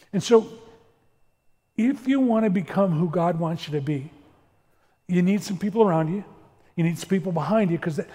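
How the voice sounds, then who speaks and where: Middle aged guy preaching, pretty high voice, earnest and animated, long echo like a big hall. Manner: earnest, animated, acts out quoted dialogue. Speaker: pastor. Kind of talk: sermon-style talk with storytelling. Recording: long reverb of a large room.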